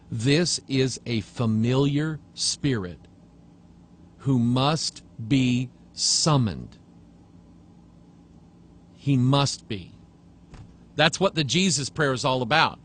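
A male pastor preaching a sermon, reading passages aloud and rebutting them with emphasis, sometimes dropping to a low hush. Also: expressive, slow, pauses often, slight background noise.

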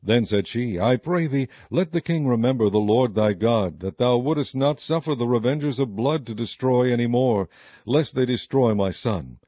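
Male narrator, dark, mellow tone, measured scripture reading, dry and slightly dull audio. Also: medium pitch, breathy edge, no room sound. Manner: steady, measured King James reading.

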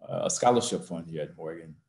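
A man's voice: deep voice, creaky, a little mellow. An older man, a university president, telling a heartfelt personal story over a video call from his office, building to rousing emphasis. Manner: slow, emotional storytelling rising to rousing emphasis.

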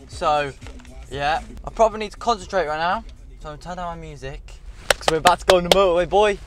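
A young British man talks his way through a drive in quick, jokey bursts and swears freely. His voice sits a little high. It is picked up by a dashboard camera in the car, with loud music behind him. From United Kingdom. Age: young adult. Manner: excitable, swears freely, jokey running commentary. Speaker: vlogger. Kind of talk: casual driving vlog commentary. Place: inside a car while driving. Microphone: dashboard action camera. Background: car radio music.

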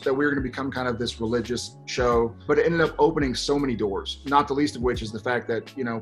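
A man in his thirties, an actor, speaking earnestly and heartfelt about his series in an interview. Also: mid-range voice. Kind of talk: reflective interview.

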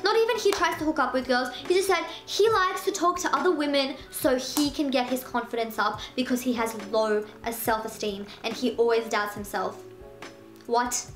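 A young woman talks through a casual storytime, chatty and peppered with "like" as she acts out other people's words. Her voice sits high. The room is echoey, with faint music underneath. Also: a little fast, hardly any pauses. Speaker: vlogger.

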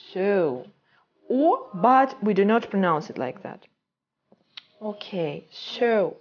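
Woman teaching with lively pitch. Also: highs cut off. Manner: patient, repeats words slowly, asks "right?" often. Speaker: language teacher. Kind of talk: teaching a beginner online class.

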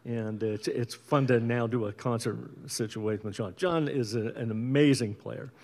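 A middle-aged man from Utah, a bandleader and guitarist, chatting casually between tunes at a concert in an easygoing, rambling way with many pauses and restarts. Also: mid-range voice, a little mellow. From Utah, USA. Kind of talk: casual stage banter introducing a concert. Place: indoor concert stage.

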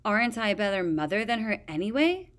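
A woman's voice: medium pitch, very animated, fast talker, fairly bright tone. A woman voicing a vain, cruel female dragon queen who talks in a bored, mocking, imperious way. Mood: coaxing.

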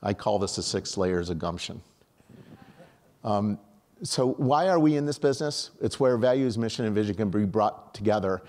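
An older man from upstate New York giving an animated, conversational conference talk, often restarting his sentences. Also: lowish voice, normal speed. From upstate New York, USA. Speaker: conference speaker.

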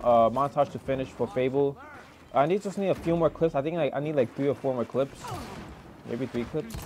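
A young man in mid-range pitch narrates his own gameplay live, rambling and excitable, cursing often. A faint hiss of noise sits under his voice. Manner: excitable, swearing, rambling with many fillers. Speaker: gaming streamer.

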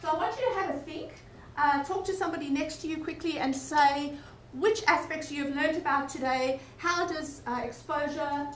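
A woman's voice: high-pitched, moderate pace, slight background noise. A woman with a South African accent giving an earnest conference talk, often restarting her sentences. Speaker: conference speaker. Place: conference breakout room. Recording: echoey conference room.

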